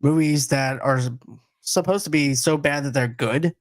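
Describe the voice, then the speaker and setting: A man's voice: on the high side, normal speed, no echo, studio quality. A man hosting a casual movie podcast, joking around and laughing easily as he chats with his guest. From East Boston. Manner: jokey, laughs often, loose rambling talk. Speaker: podcast host.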